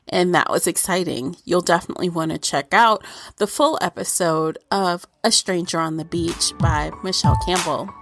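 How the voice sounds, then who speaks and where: A woman hosting a book podcast, chatting casually and getting animated when she jokes. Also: dry recording. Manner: animated, quick jumps in pitch when joking. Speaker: podcast host.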